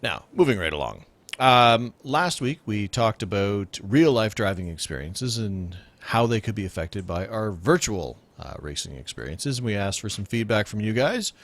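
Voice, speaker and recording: A man's voice: lowish voice, very animated, moderate pace, fairly bright tone. A man hosting a casual radio show, joking and laughing often with rambling asides. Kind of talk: casual comedic podcast chat.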